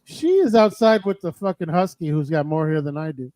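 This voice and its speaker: A man's voice: fairly high pitch, lively intonation, a little fast, warm tone, no echo, low-quality recording. A man hosting a live radio stream, chatting casually and joking over a video call. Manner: loose, joking, swears casually. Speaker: radio show host.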